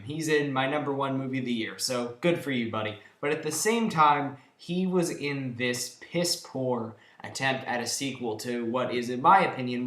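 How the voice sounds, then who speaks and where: A man's voice: medium pitch, fairly bright tone. Male reviewer, exasperated and sarcastic, recorded in a roomy, reverberant space. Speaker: film reviewer. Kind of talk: ranting countdown review. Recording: echoey room.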